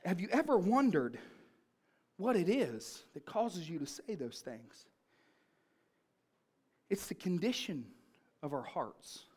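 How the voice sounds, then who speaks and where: A male pastor preaching a sermon, telling family stories in an animated, punchy way. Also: sits high, slow pace, long pauses, breathy edge.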